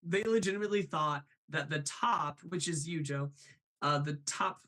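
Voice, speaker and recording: A man's voice: on the high side, moderate pace, sharp tone. A young man hosting a casual live stream, laughing often and reading chat messages aloud. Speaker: host of a live show.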